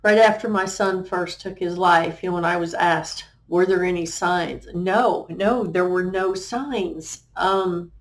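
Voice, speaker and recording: Earnest, halting middle-aged woman. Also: lowish voice. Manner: earnest, halting, with many fillers and restarts; quotes remembered conversations. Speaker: guest life coach. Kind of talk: personal testimony on a talk show.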